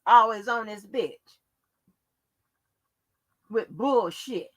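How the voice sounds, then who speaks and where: A woman's voice: fairly high pitch, lively intonation, drawn-out words, a bit bright. A woman hosting her own channel, delivering a profane, confrontational rant that scolds her viewers. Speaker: channel host.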